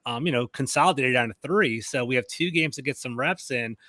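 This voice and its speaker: Male host, quick rambling delivery, dry close mic, casual sports chat. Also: medium pitch, sharp tone, no room sound. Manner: rambling, conversational, fast-talking. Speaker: podcast host.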